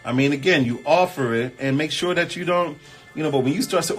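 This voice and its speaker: A man hosting a casual relationship advice chat, reading viewer comments and answering in an animated, emphatic, colloquial way. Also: fairly high pitch, fairly quick, breathy edge, soft background music. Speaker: host.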